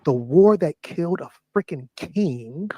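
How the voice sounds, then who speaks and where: A man's voice: fairly high pitch, lively intonation, a little slow, mellow, no echo. A man co-hosting a casual livestream, who reads from a web search and keeps asking joking questions.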